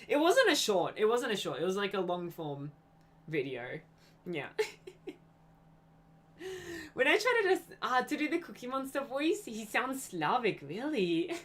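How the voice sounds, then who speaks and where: A young woman talks casually to her stream viewers. Her voice rises and falls in lively swings at a middling pitch, and she giggles often and corrects herself mid-thought. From Australia. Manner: scatterbrained, giggly, self-correcting. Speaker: live streamer. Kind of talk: casual rambling stream chat.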